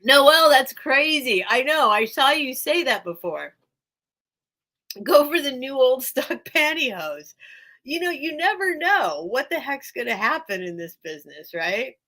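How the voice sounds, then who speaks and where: A woman's voice: sits high, very animated, a little slow, bright, forceful tone, poor audio. A woman hosting a casual live-stream sale, chatty and rambling, laughing often while recovering from being unwell.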